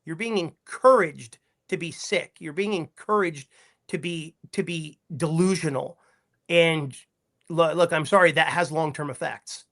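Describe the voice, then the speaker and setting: A man's voice: on the high side, unhurried, fairly bright tone. A fired-up man tears into a profane rant on a livestream, his voice heated and blunt. He keeps swearing and pushing on as he vents from home, plain and unfiltered.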